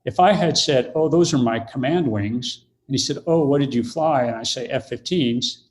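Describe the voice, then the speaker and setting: A man's voice: mid-range voice, moderate pace. An older man, a podcast guest, telling a story in conversation and acting out the quoted voices.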